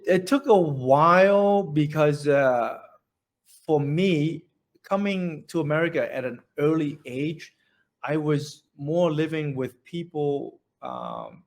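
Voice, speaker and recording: A man in his forties from central Vietnam with a Vietnamese accent, telling his story in an oral history interview, halting and restarting often. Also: a little high. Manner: halting, many restarts and repeated words.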